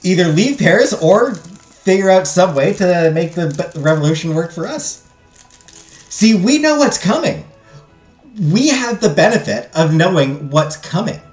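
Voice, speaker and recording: A man reads a text game's narration aloud, breaking off for jokey, self-deprecating asides to his viewers. His pitch swings in a lively, animated way. The room sounds echoey, with faint music playing behind. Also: moderate pace. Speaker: streamer playing a text game. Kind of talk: let's play, reading game text and chatting with viewers. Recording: roomy echo, faint game music.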